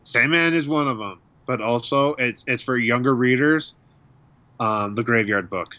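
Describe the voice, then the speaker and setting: A man's voice: medium pitch, measured pace, bright, forceful tone, no room sound, highs cut off. A man co-hosting a casual chat show, talking enthusiastically and gushing about what he likes. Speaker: podcast co-host.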